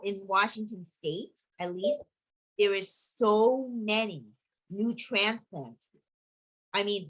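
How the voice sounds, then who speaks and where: A middle-aged woman with a clear New York accent presents over a video call, her pitch sitting right in the middle of the usual range. She talks loosely and conversationally, dropping frequent fillers and restarting her sentences as she goes. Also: fairly bright tone, poor audio. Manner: chatty, full of fillers and restarts. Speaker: historical society presenter.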